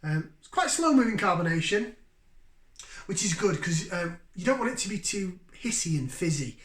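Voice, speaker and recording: A man with a fairly high voice, hosting a relaxed beer review. He talks to his viewers in a chatty, enthusiastic way. The recording carries a noticeable room echo. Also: moderate pace, slight background noise. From Yorkshire, England. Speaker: beer review channel host. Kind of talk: casual beer review vlog. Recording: roomy, echoey room sound.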